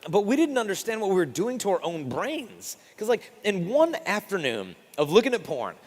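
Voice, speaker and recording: A young man giving a faith talk to an audience, telling stories with animated, self-deprecating humor. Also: sits high, moderate pace. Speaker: speaker. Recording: long reverb of a big hall.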